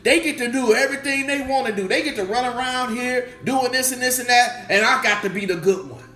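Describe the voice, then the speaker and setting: A man preaching a sermon as pastor, animated, repeating his questions and acting out the voices of his listeners. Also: very high-pitched, a little fast. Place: church sanctuary. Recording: echoey church room with music.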